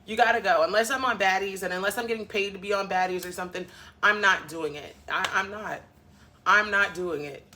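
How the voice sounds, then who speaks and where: A woman's voice: medium pitch, fairly quick, pushed and bright, slight background noise. A woman vlogger from the northern US, venting bluntly in a casual chat to camera, with sassy asides to her viewers.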